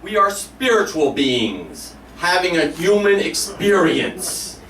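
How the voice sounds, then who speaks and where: A man voicing a grand, commanding woman talk-show host who speaks slowly and preachily, recorded live in a roomy space. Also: very animated, a bit bright, slight background noise, full character voice. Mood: solemn. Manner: slow, booming, preachy delivery. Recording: roomy live room from a distance.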